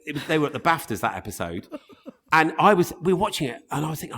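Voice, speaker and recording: A man's voice: fairly high pitch, quick pace, a little hiss or hum. A man in his fifties, a radio presenter and guest, telling stories in casual interview chat with many restarts. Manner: animated storytelling with restarts.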